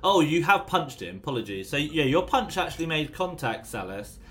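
A man's voice: fairly high pitch, very animated, normal speed, fairly bright tone. A man running a tabletop game in a chatty, stumbling, apologetic way. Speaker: game master.

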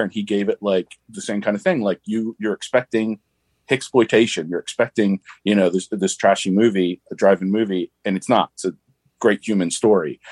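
A man guesting on a podcast, talking about a film with halting enthusiasm in casual chat. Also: lowish voice, dry recording. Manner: enthusiastic, halting, many restarts.

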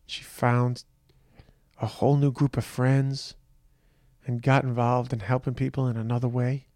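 A tired middle-aged man hosting a podcast, speaking in a reflective, halting monologue with trailing restarts. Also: medium pitch, little pitch movement, warm tone, no echo, studio quality. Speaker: podcast host. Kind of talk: personal monologue, remembering his mother.

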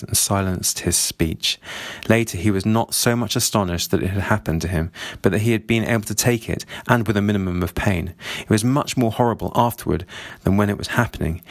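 A man discussing a novel and reading long passages from it aloud in a measured, reflective way. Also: lowish voice, dry recording, studio quality. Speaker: book reviewer.

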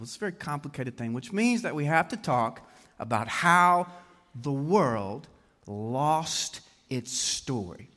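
A man preaching a sermon to a congregation in an animated way, often putting questions to his listeners. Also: a little high. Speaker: pastor. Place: church hall with congregation. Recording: long hall reverb.

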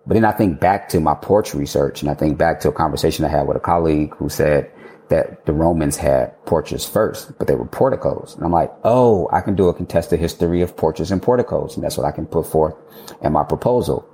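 Deep, mellow-voiced man telling stories. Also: fairly quick. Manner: animated, quotes himself, swears and laughs freely. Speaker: architect guest. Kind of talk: casual storytelling interview.

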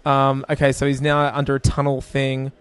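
A man's voice: medium pitch, completely flat delivery, normal speed, clear, resonant tone. A man chatting casually as he comments on a movie, wry and chatty. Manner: wry, chatty, laughs often.

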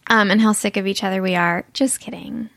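A woman's voice: mid-range voice, fairly even intonation, fast talker, a bit bright, no echo, clean studio sound. A woman co-hosting a podcast in casual chat, chatty and giggly. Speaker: podcast co-host.

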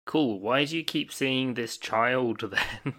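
A man's voice: mid-range voice, slow, a bit bright. A man co-hosting a casual film chat podcast, earnest in his points and laughing at his own remarks. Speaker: podcast co-host.

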